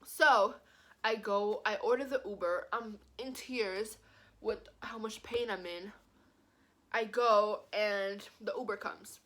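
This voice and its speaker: A young woman vlogger telling a personal story in a casual, animated way, filling her speech with "like". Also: mid-range voice, takes it slowly. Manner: animated, says "like" constantly. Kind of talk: storytime vlog.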